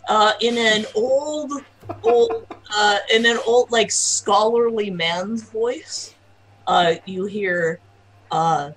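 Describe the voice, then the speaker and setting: A woman playing a tabletop game, describing her character in halting phrases. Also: mid-range voice, a bit bright, poor audio. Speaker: player.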